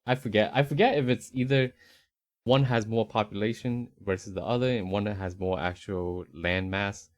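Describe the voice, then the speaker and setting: A young Northeastern American man with a faint Rhode Island accent speaks in a fairly low, steady voice at a moderate pace. The studio-quality recording has no room sound. As a podcast co-host he chats casually, rambling with fillers and restarts.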